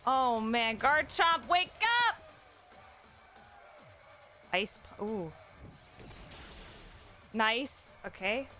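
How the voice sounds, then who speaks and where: A woman playing a competitive video game match and reacting out loud, with squealing cheers and gasps, then thanking her viewers. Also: a little high, lively intonation, drawn-out words, pauses often, soft background music. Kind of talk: live match reactions and outro.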